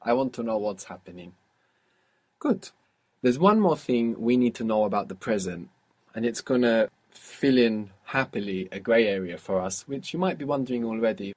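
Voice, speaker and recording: Patient husky male language teacher. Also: medium pitch, animated, moderate pace, a little mellow. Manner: patient, explains step by step with questions. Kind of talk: guided language lesson.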